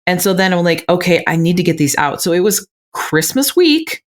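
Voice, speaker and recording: A woman co-hosts a podcast in a casual, chatty way, her low voice running through animated stories. Her speech is full of "like" as she talks. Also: moderate pace. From Minnesota. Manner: animated storyteller, frequent "like". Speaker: podcast co-host, realtor. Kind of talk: casual chat. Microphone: remote recording.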